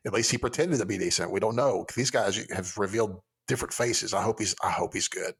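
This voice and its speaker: A man's voice: lowish voice, fairly quick, breathy edge. Rambling male podcast co-host. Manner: rambling, restarts and laughs. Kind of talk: casual podcast chat.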